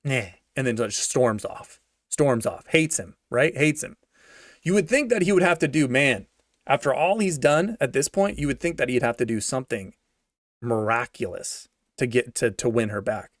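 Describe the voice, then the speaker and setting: A man's voice: mid-range voice, lively intonation, normal speed, no room sound, clean studio sound. A young man giving a sarcastic, slangy rant of a movie review, repeating himself for emphasis. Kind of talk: ranting casual movie review.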